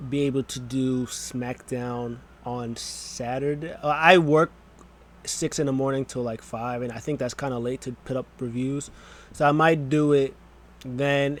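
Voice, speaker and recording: A young man recapping wrestling in a casual, excitable, rambling vlog, with quick silly voices now and then. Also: mid-range voice. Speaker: wrestling vlogger.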